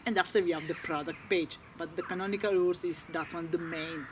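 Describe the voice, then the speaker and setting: A man with an Italian accent, a guest speaking halting non-native English with many fillers in a casual interview. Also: a little high, steady tone, noisy background. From Italy.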